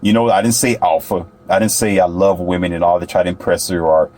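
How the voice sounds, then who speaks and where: Boastful man with a low voice. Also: steady tone, a little fast, a little mellow. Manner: boastful, chatty, addresses viewer directly. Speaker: vlogger. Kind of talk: casual storytelling monologue.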